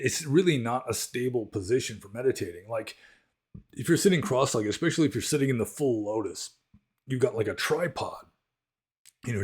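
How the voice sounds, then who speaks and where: A middle-aged man answering viewer questions in a loose, rambling way, full of restarts and fillers. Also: fairly low pitch. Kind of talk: casual Q&A talk.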